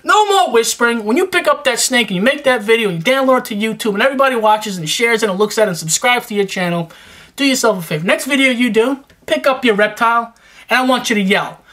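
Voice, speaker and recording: A man's voice: very high voice, fast talker, pushed and bright. Young New man, rambling and slangy, casual vlogger tone. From New York. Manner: rambling and slangy, full of fillers and restarts. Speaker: reptile-keeping YouTuber giving shout-outs. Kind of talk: casual vlog chat.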